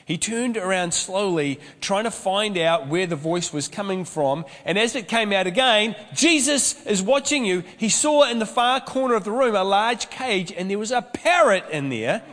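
A man's voice: high-pitched, lively intonation, moderate pace, hardly any pauses, a bit bright, big-room sound. A man preaching a sermon as pastor, mixing storytelling and humorous asides.

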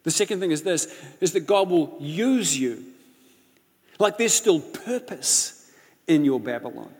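Pastor, male, fairly high voice, impassioned storyteller; long hall reverb on the voice. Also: expressive, unhurried, slightly rough. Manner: impassioned storytelling, swings from loud to hushed. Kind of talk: sermon.

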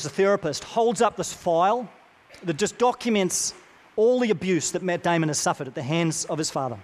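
Earnest preacher man in a reverberant hall. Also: high-pitched. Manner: earnest, repeats key phrases with slow deliberate pauses. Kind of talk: sermon. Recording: long reverb of a large hall.

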